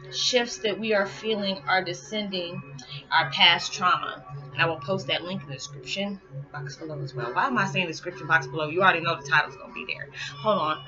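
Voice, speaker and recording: A woman's voice: lowish voice, fairly quick. A middle-aged woman, chatting casually to camera at home, rambling and correcting herself and laughing often. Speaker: spiritual vlogger. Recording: dull lo-fi sound with loud music behind. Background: meditation music playing.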